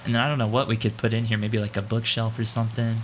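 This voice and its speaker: A man casually commenting on his own gameplay, chatty and playful, thinking out loud and jumping up in pitch when excited. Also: quick pace, slight background noise. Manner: chatty and playful, calls himself "your boy". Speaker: gaming channel host.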